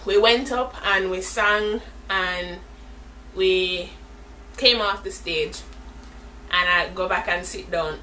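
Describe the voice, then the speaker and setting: A woman's voice: fairly low pitch, distant mic, slight background noise, rough recording. A young woman telling a story in a chatty vlog, acting out the lines of the people in it. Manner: animated, chatty storytelling with voiced-out quotes. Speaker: vlogger.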